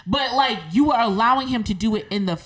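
A woman's voice: a little high, a little fast. A woman co-hosting a podcast in casual chat, telling stories and acting out the people she quotes. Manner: animated storyteller, acts out quoted voices. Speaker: podcast co-host.

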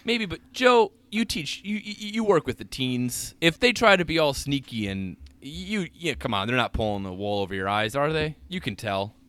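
A playful man chatting on a podcast, with a bright, forceful tone. He argues odd tangents and laughs often, his pitch swinging widely. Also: big pitch swings, normal speed, few pauses. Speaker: podcast co-host. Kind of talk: casual chat.

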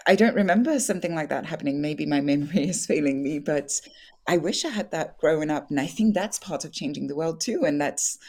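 A young woman with a low voice chats candidly as an interview guest. She laughs often, pads her talk with fillers and restarts her sentences, relaxed and open. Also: fairly quick.

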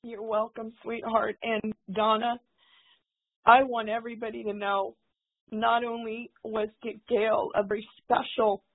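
A woman's voice: a little high, level tone, unhurried. A woman being interviewed as a guest, speaking in a heartfelt, devout way. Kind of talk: casual interview talk. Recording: phone-like call audio.

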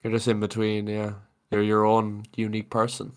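A man's voice: fairly low pitch, monotone, moderate pace, smooth. A man co-hosting a podcast in casual chat, sick with a cough, dry and laid-back. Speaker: podcast co-host.

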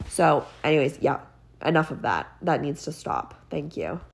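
A teenage girl with a low, heavily gravelly voice, sounding congested from being sick. She hosts her own podcast and rants in a casual, sarcastic, exasperated way, filling her talk with "like". Her low pitch and rough fry stand out. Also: sing-song, normal speed. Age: teens. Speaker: podcast host. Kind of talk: casual ranting monologue.

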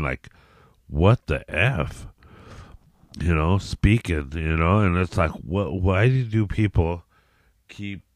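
A man's voice: low-pitched, dry recording, studio quality. A man hosting a solo podcast in a rambling, profane rant, with many restarts and repeated "you know what I mean". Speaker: podcast host.

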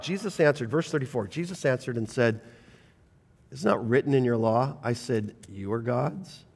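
A man preaching a sermon as pastor, reading scripture and swinging between loud bursts and quiet intensity. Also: mid-range voice, moderate pace, long reverb tail. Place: church sanctuary.

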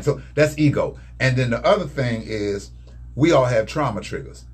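A man talking casually and colloquially in a couple's conversation, gently teasing. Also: mid-range voice, lively intonation, moderate pace, husky.

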